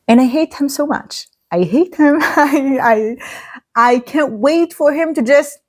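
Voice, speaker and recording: A woman book vlogger talking through a spoiler review in casual chat, gushing and excitable, with many fillers and restarts. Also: high voice, measured pace.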